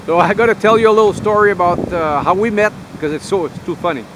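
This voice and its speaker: Rambling veteran man, windy outdoor take. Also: high-pitched. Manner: rambling, halting, full of uh and um. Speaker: army veteran vlogger. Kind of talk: casual storytelling to camera.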